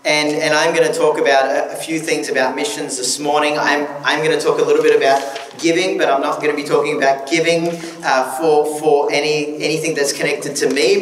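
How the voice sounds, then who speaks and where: A man with a somewhat high voice gives a relaxed, joking sermon, often restarting his sentences. He sounds a little distant from the mic, in a church hall with a long echo and faint background noise. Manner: conversational, joking, with frequent restarts. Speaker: guest preacher.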